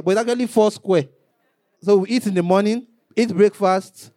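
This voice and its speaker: A man preaching a sermon, emphatic and rising to shouts for emphasis. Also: sits high, normal speed, no room sound, studio quality.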